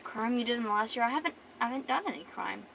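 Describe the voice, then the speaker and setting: A woman's voice: a little high, lively intonation, very fast, vocal fry, a bit bright, slight background noise. A young woman streamer chatting casually and rambling with swearing while she draws. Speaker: art streamer. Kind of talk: casual chat.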